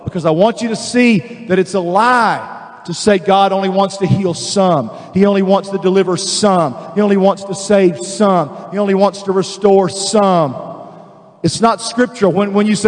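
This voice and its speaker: High-voiced preacher in a big hall. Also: male voice. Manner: fervent preaching with call-and-response to the congregation; repeats words and restarts, drawn-out slow emphasis. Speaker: pastor. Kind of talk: sermon. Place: large church sanctuary. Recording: long reverb of a large hall.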